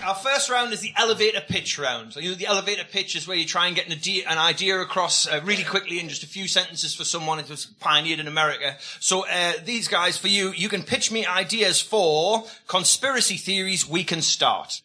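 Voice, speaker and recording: A man hosting a live comedy panel show on a club stage, energetic and showy, with an audience laughing. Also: sits high, a little fast, hardly any pauses, faint music behind. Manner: showman compère, energetic. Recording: live stage recording with loud crowd noise.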